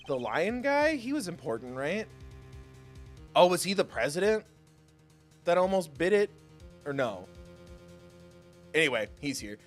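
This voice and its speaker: A man's voice: on the high side, sing-song, measured pace, pauses often, faint music behind. A man streaming a game live, chatting and joking with viewers in a self-mocking way. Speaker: gaming streamer.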